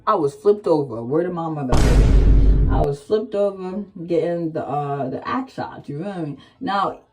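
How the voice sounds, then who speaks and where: Talking at normal speed in a low voice over loud background music, a young woman vlogger tells a candid, casual story. She uses lots of slang and fillers, now and then rising into excited exclamations.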